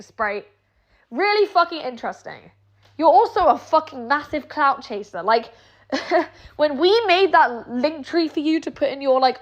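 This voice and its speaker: Young British woman, high voice, heated sarcastic swearing rant, dull lo-fi audio. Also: fairly bright tone. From Britain. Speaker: online personality. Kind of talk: angry streamed rant.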